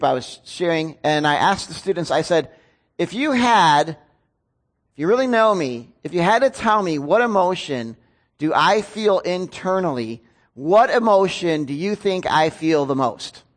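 High-voiced man preaching a sermon. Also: a bit bright. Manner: conversational, self-deprecating, asks the congregation questions. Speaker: pastor.

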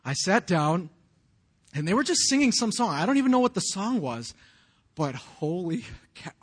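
In a sermon of personal testimony, a man in his forties, a pastor, tells his story casually, using slang and often restarting. His voice sits high with big pitch swings, a breathy edge and a moderate pace.

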